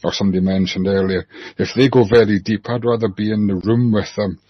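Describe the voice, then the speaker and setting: A man, a therapist guest on an online panel, talking in an unhurried, reflective way. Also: fairly low pitch, steady tone, slightly rough, no echo. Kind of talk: casual panel chat. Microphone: video call. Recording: dull online call audio.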